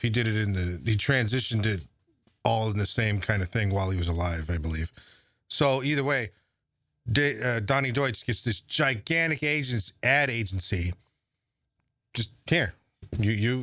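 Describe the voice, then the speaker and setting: A man's voice: on the low side, fairly bright tone, dry recording, studio quality. A man hosting casual political commentary, sarcastic and profane, rambling as he goes. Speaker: host.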